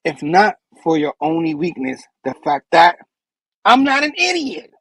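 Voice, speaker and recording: A man's voice: fairly high pitch, very animated, a little slow, a bit bright, slightly rough, no echo, full character voice, low-quality recording. A man voicing a cocky young male villain-turned-hero with a smug, taunting delivery.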